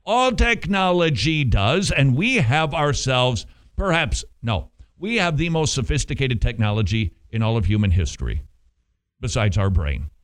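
A male pastor preaching a sermon in an animated way, full of rhetorical questions and playful asides. His pitch swings widely between low, serious statements and high, excited bursts. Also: measured pace.

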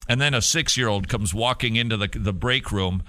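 A man hosting a talk radio show, animated and opinionated, shifting between mockery and heated emphasis. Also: lowish voice, fairly quick, no echo.

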